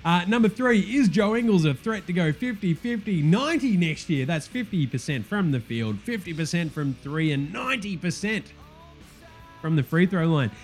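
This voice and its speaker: A man's voice: sits high, lively intonation, moderate pace, soft background music. A man with an Australian accent hosting a comedic sports podcast, ranting in a blunt, profane and sarcastic way. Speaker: host.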